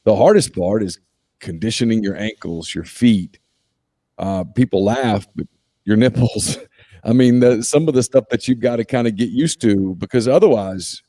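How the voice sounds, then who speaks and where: A man hosting a sports podcast, talking in a relaxed, conversational way. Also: on the low side, normal speed, no room sound. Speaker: podcast host. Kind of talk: casual podcast talk.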